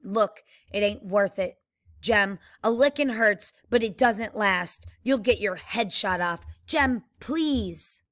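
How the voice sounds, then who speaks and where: A woman's voice: medium pitch, slow, a bit bright. A woman reading as an anxious little girl. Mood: pleading. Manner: plain read-aloud dialogue. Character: young girl, anxious pleading little sister.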